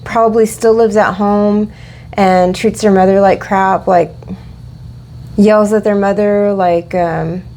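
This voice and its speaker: A woman's voice: medium pitch, steady tone, slow pace, warm tone, slight background noise. A woman giving a casual tarot reading, rambling with many fillers and restarts. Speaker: tarot reader.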